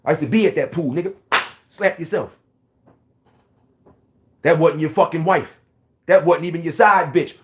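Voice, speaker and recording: A man in his forties from Philadelphia, ranting loudly and profanely to camera in a rambling, heated, comedic way. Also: a little high, moderate pace, long pauses. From Philadelphia, USA. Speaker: vlogger.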